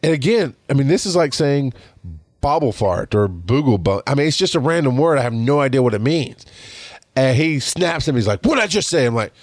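A man in his forties hosting a podcast, telling stories in a rambling, animated way with lots of restarts. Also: mid-range voice, brisk, dry recording, clean studio sound. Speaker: podcast host. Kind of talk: casual storytelling monologue.

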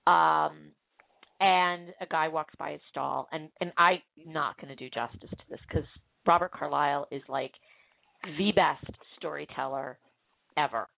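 A woman's voice: deep voice, unhurried, gravelly, a little hiss or hum. A woman hosting a casual talk show, telling stories in a rambling way with plenty of fillers and restarts. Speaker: host. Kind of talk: casual podcast chat. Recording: tinny phone-line call.

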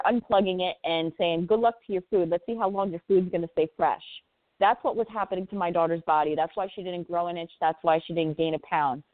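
A woman in her forties speaks as a radio guest over a thin, phone-like line with a dry sound. She tells a personal story in an earnest, impassioned way, repeating words as she presses her points. Her voice sits at a middle pitch for a woman. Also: dry recording. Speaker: guest, parent.

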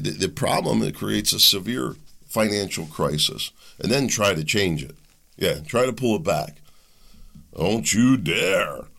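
Male talk show host, gravelly and lively in pitch, opinionated and sarcastic rambler.

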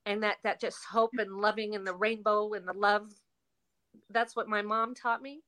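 A woman's voice: mid-range voice, steady tone, normal speed, fairly bright tone. A woman talking as a guest in a casual interview, reflective and often repeating herself as she restarts sentences. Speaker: guest performer.

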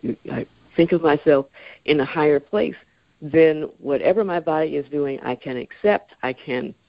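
Gravelly-voiced woman in her sixties, reflective. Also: low-pitched, dry recording. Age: 60s. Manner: calm, reflective, earnest. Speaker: guest. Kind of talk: radio interview. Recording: dry, dull lo-fi radio sound.

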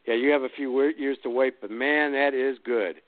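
A man who is a guest astrologer on a call-in radio show, explaining readings in a relaxed way with some fillers. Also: mid-range voice, moderate pace, slight background noise. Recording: dry, tinny phone line.

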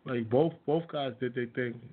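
A man's voice: mid-range voice, moderate pace. A man hosting his own radio show, ranting casually and bluntly about sports with plenty of profanity and scornful laughs. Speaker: host. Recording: tinny phone-like audio.

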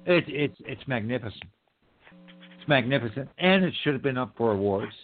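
A man's voice: medium pitch, animated, normal speed. A man hosts a loose podcast chat over a tinny, phone-like line. He talks emphatically, swears freely and often stammers, repeating words as he finds his point. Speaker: podcast host. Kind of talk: casual chat.

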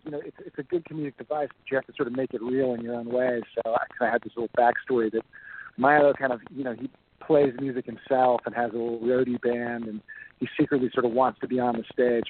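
A man's voice: mid-range voice, slight background noise. A man from Texas, an actor, chatting as a guest in a casual interview, rambling with plenty of fillers. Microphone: phone call. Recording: tinny phone line.

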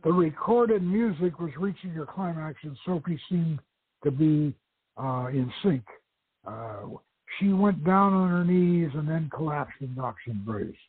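A man hosting a radio show, reading his own novel aloud in measured storytelling narration, over a tinny phone-like radio line. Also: a little high, animated, breathy edge, dry recording.

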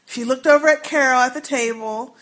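A woman co-hosting a podcast, recapping a TV episode in casual chat, telling it with lively, animated quotes and free swearing. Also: high-pitched, fairly quick. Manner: animated storytelling, acts out quotes, swears freely. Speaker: podcast co-host.

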